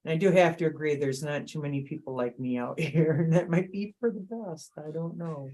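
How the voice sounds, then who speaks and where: A middle-aged woman with a low, warm voice speaks a little fast as a guest on a chat panel. She tells candid, rambling stories in a casual way and laughs often.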